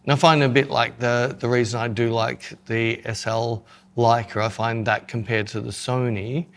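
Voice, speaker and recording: A man's voice: medium pitch, level tone, normal speed, a bit bright. A man co-hosting a podcast in casual chat, joking and self-mocking as he talks through his photography gear.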